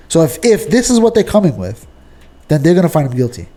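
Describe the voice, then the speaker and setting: A man with a New York accent argues his case in a loose podcast chat. His voice sits a bit high but sounds warm and relaxed, and he clears his throat and restarts his sentences as he goes. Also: fast. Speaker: podcast co-host. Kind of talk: casual debate.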